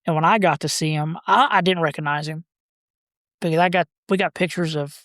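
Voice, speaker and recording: A man, a podcast guest telling stories about his brother in a halting, rambling way. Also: on the high side, fairly even intonation, fairly bright tone, no room sound, studio quality. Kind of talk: casual storytelling.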